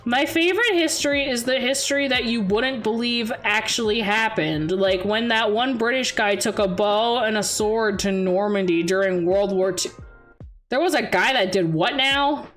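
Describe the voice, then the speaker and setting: Giggly young woman rambling on stream, kinda high voice, music faint in the back. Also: moderate pace, a bit bright. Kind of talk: casual chat with viewers.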